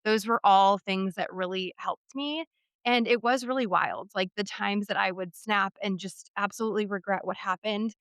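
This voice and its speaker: In a dry recording, a podcast host in her thirties speaks at a normal pace with a medium-pitched, clear, resonant voice that's fairly bright and fairly even in intonation. Her casual interview talk is candid and full of fillers.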